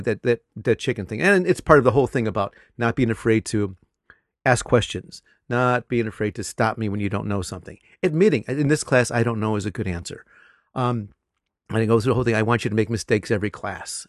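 A middle-aged man, a teacher, telling classroom stories in casual conversation, animated and laughing often. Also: on the low side, quick pace, dry recording, studio quality. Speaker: English teacher.

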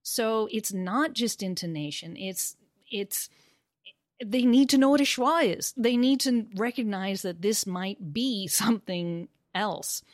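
A woman explaining pronunciation teaching, acting out example phrases with rising and falling intonation, animated and laughing easily. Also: mid-range voice, unhurried, no echo, clean studio sound. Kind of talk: conversational discussion about teaching.

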